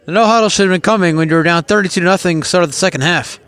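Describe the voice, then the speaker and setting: A male play-by-play announcer calling a football game live from the stadium. His voice sits on the higher side and comes across smooth and resonant. He chats freely between plays and keeps voicing puzzlement at the coaching decisions. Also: racing, a bit bright. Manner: chatty, openly puzzled by the coaching.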